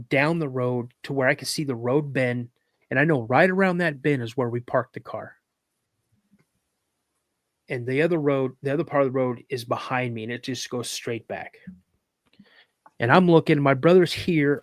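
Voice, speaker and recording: A man's voice: medium pitch, no echo. Dry-voiced man telling a story animatedly. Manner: animated, acts out quoted dialogue in a raised voice; fighting back tears at moments. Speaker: podcast guest. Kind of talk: casual spoken storytelling.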